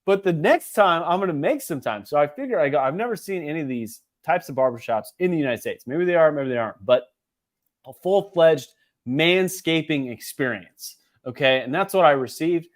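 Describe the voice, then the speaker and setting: Animated, swearing male podcast storyteller. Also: on the high side, moderate pace. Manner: animated, profane, acts out other people's lines. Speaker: podcast co-host. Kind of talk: casual storytelling chat.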